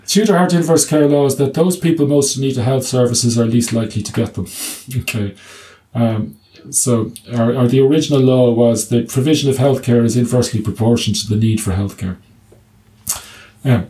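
A middle-aged clinic doctor with a mellow, mid-range voice answers interview questions, often stumbling and restarting. He tells humorous anecdotes, quoting the dialogue within them.

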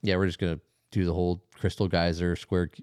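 A man's voice: low-pitched, little pitch movement, brisk, a little mellow, clear, resonant tone, dry recording, clean studio sound. A man co-hosting a casual chat, laid-back and agreeable, often saying "dude". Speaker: podcast co-host.

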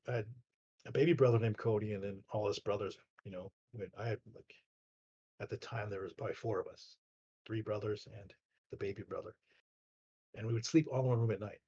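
A man's voice: lowish voice, darkish tone. A man from Canada, a guest, telling a personal story in a loose, rambling way full of "like" and "you know". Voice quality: very husky. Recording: dull lo-fi online call audio.

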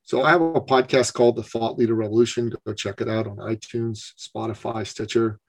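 A man's voice: mid-range voice, brisk, low-quality recording. A man, a business coach, telling a personal story as a podcast guest. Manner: gravelly, animated storyteller. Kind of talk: storytelling in an interview.

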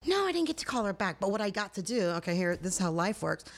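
Animated gravelly-voiced woman telling a story. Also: medium pitch, fast talker. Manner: animated, profane, acts out quoted voices. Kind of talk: casual storytelling chat.

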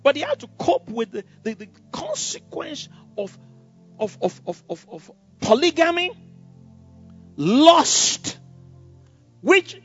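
An emphatic male pastor preaches with a high, husky voice that swings widely in pitch. He laughs often. The recording is dull and lo-fi, with faint music behind him. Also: wildly swooping pitch, takes it slowly, pauses often, a bit bright. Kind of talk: sermon.

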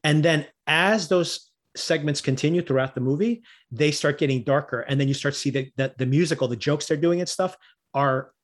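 A man's voice: on the high side, normal speed. A man co-hosting a podcast, recapping a TV episode in casual chat, rambling with restarts and frequent laughter. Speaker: podcast co-host.

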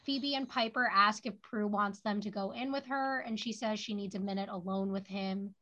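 Bright and a bit pushed, a woman's medium-pitched voice moves at a moderate pace. She's co-hosting a podcast, chatting through a recap of a TV episode full of "like" fillers, recorded in muffled lo-fi audio.

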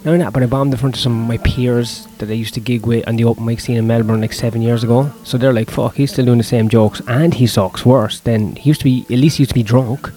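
A man's voice: medium pitch, fairly even intonation, quick pace, few pauses, dark tone, faint music behind. Profane, rambling comedian man. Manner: profane, self-deprecating, rambling. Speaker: stand-up comedian. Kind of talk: casual vlog monologue.

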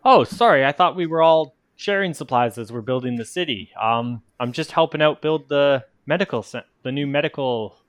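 A man's voice: fairly high pitch, moderate pace, hardly any pauses, no echo, clean studio sound, natural voice. A man voicing a friendly, determined male hedgehog-folk carpenter with an easygoing, placating manner.

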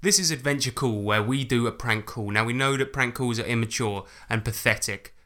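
A man's voice: mid-range voice, fairly quick, sharp tone. A man co-hosting a podcast in casual, jokey chat, laid-back and sweary with lots of "so, um". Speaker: podcast co-host.

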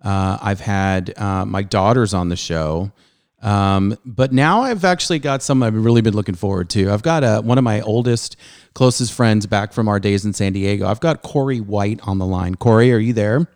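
Enthusiastic middle-aged man hosting, smooth voice. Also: lowish voice, moderate pace, a little mellow, no room sound, clean studio sound. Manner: enthusiastic, rambling with many restarts and fillers. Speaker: podcast host. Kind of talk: casual chat.

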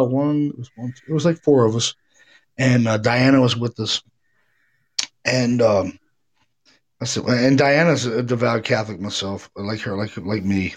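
A middle-aged man, a paranormal investigator, telling a ghost story in a casual, rambling way, swearing freely and acting out what people said. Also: medium pitch. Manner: rambling, profane, animated retelling with acted quotes.

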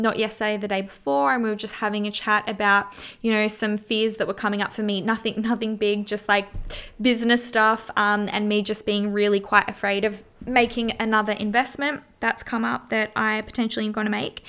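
A woman's voice: medium pitch, fairly bright tone, smooth. A woman hosting a self-help podcast, talking earnestly in a casual coaching tone and swearing freely. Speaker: podcast host.

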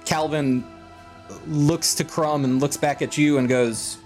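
A man narrating a tabletop game as game master, relaxed and wry. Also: on the high side, slow pace, soft background music.

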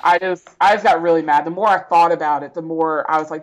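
A woman's voice: sits low, fairly even intonation, quick pace, poor audio. A woman guest on a podcast, telling a personal story in a blunt, profane way, often laughing and acting out what others said.

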